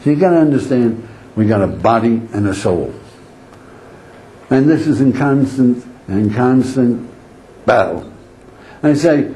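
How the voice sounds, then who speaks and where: Animated rabbi with a mellow voice. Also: male voice, medium pitch, unhurried, long pauses, a little hiss or hum, poor audio. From Israel. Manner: animated storytelling, acts out inner voices, chuckles often. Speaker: rabbi lecturer. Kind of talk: Torah lecture to an audience.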